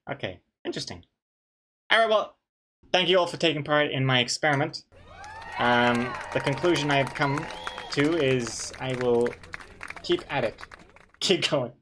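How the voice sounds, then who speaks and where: A man's voice: mid-range voice, pushed and bright, a little hiss or hum. A man, a webcomic artist, chatting casually on a live stream, reading chat aloud with dry, joking banter and rambling restarts.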